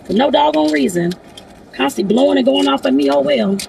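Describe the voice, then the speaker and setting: Gravelly, blunt-spoken woman vlogger. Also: high voice, animated, a little fast, a little mellow, a little hiss or hum. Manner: blunt, outspoken, addresses viewers as y'all. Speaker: vlogger giving life advice. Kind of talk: casual talking-head vlog. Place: inside a car.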